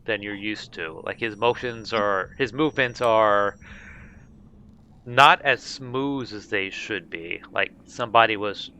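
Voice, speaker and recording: A man's voice: on the low side, a little slow, pushed and bright, clean tone, lo-fi sound. A man narrating a tabletop game as game master, in a loose, casual way with many fillers.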